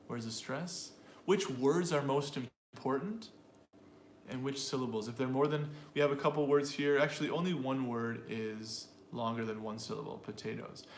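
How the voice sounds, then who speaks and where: A man's voice: medium pitch, echoey room, slight background noise. A man teaching an English pronunciation lesson to a live audience, explaining and drilling sentences aloud in an upbeat way.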